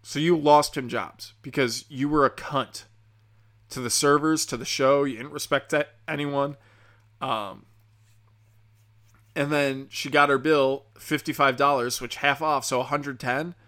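A man's voice: medium pitch, steady tone, a little slow, fairly bright tone. A young man, tipsy from drinking, rambling through a profane comedic rant with lots of fillers. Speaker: comedian and podcast host.

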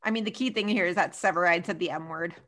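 A woman co-hosting a podcast, recapping TV episodes in a casual, animated chat full of laughs and fillers. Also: on the low side, fast. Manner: animated, laughing, lots of "like" and "so funny". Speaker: podcast co-host.

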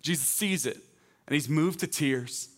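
This male teaching pastor delivers a sermon in a conversational yet emphatic style, building up to loud proclamations. His voice is a little high and his delivery a little slow.

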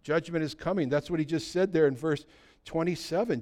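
A pastor preaching an urgent, emphatic sermon, repeating short declarations and dropping low and soft when he pleads. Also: brisk.

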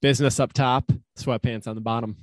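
A Minnesotan man co-hosting a podcast from his home, talking in a relaxed, easygoing way and laughing now and then. His voice sits at an ordinary pitch, recorded close and dry. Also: fairly quick, dry recording. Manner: laid-back, chuckling often. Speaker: podcast co-host, actuary. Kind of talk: casual chat.

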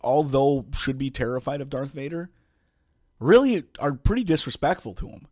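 A man's voice: mid-range voice, lively intonation, normal speed, darkish tone, no echo, clean studio sound. A man co-hosting a podcast, chatting casually and rambling with many restarts and asides. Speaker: podcast co-host. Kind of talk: casual chat.

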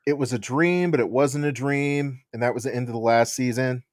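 A man's voice: medium pitch, brisk, no room sound, studio quality. A man co-hosting a podcast in casual chat, giving frank, opinionated takes. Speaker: podcast co-host.

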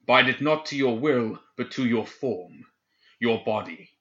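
Guy reading as a stern commanding necromancer, low voice, bright edge, kinda dull lo-fi sound. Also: moderate pace. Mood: urgent, stern. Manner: stern, urgent, forceful commands. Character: commanding older male necromancer mentor.

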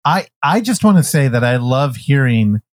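A man co-hosts a podcast, ribbing his friends with casual swearing and frequent laughter. His pitch moves a lot, full of animation. The recording is dry and close. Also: very animated, normal speed, no room sound. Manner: teasing, profane, laughs often. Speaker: podcast co-host. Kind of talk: casual chat.

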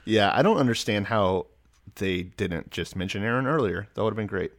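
A man's voice: lowish voice, lively intonation, normal speed. A man co-hosting a comedy podcast, sarcastically retelling a Bible story in a casual chat. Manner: sarcastic, puts on silly voices for God and Moses.

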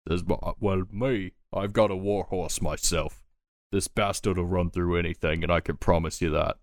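Man doing a low, gruff horse dealer, grudging and blunt, dry room. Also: fairly even intonation, moderate pace, dry recording. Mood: boastful. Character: gruff man renting out his war horse.

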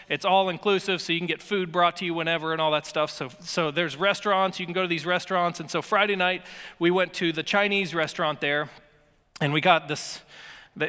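Male pastor, high bright voice, emphatic preaching with light humor, long reverb of a church hall. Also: smooth. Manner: emphatic preaching with playful asides and repeated words. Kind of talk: sermon.

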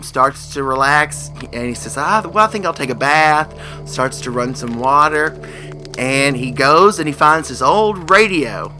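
A man telling a spooky story casually, acting out the characters. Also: medium pitch. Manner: animated, acts out the characters' voices.

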